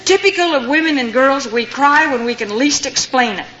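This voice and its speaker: Speaking at a normal pace, this older woman shares her testimony with an audience in a high, expressive, fairly bright voice. She tells stories and performs the quoted voices of the people involved. Faint noise sits under a dull, lo-fi recording.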